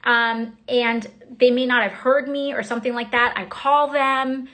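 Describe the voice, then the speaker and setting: Woman lawmaker, slightly high voice, telling her story in quick, halting bursts on a phone livestream. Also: steady tone, a bit bright. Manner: rapid, halting retelling full of fillers and restarts. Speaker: member of Congress. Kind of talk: casual first-person recounting on a livestream.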